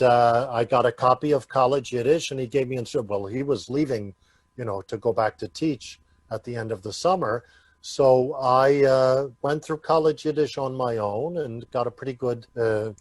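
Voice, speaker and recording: A man from the United States, a guest on an interview podcast, telling stories at an easy pace with many small pauses. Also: medium pitch, no echo. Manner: unhurried, full of "uh" pauses. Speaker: guest, Yiddish actor. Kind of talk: relaxed storytelling in an interview.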